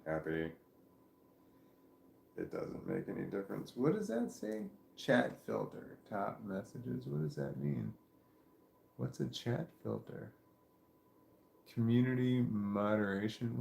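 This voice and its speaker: Man, low and gravelly, home livestream chat, meandering, roomy echo. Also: lively intonation, unhurried, a little mellow, slight background noise. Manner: meandering, self-interrupting, talking to viewers about his dog. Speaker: vlogger. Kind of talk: rambling casual livestream chat. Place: at home, seated with dog on his legs. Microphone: phone or camera on a stand.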